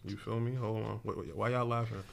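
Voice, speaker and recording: A man's voice: on the low side, fairly even intonation, fairly quick, creaky, a little hiss or hum. A young man co-hosting a podcast, talking in a laid-back, slangy way with lots of fillers. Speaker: podcast co-host. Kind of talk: casual chat.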